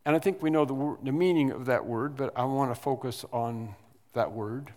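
A man preaching an expository sermon as pastor, speaking deliberately and leaning hard on single words for emphasis. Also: mid-range voice, darkish tone, big-room sound. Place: church sanctuary.

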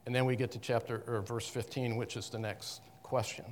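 A man of mid pitch explains Scripture to a congregation in a loose, conversational style. He stops to correct himself and restarts his phrases often. His voice rings with the long reverb of a hall. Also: little pitch movement, slight background noise. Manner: halting, with frequent restarts and self-corrections. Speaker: Bible teacher. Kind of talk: conversational Bible teaching to a congregation.

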